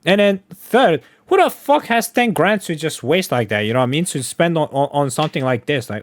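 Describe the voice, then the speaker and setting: Reaction host, male, swears freely, bouncy lively delivery, dead-dry booth sound. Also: fairly high pitch, fairly quick, no room sound. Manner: blunt, profane, incredulous. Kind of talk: casual reaction commentary.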